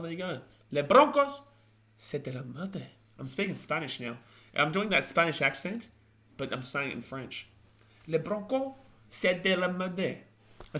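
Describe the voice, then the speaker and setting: A man's voice: a little high, bright, forceful tone. A man in his twenties hosting a casual sports chat stream, reading viewer comments and giving blunt, rambling opinions. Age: 20s.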